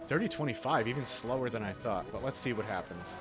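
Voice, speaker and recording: A man's voice: medium pitch, expressive, fast talker, over music. A man chatting casually while speedrunning a game, laid-back, laughing often and swearing freely. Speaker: speedrunning streamer. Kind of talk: casual chat while gaming.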